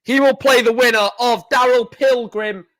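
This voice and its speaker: An excitable man commentating live on a stream, shouting and repeating himself at big moments. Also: very high-pitched, normal speed.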